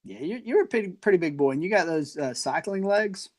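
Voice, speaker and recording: A man, co-hosting a podcast, excitable and teasing as he jumps into the story. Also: high-pitched, quick pace. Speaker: podcast co-host. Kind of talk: casual storytelling chat.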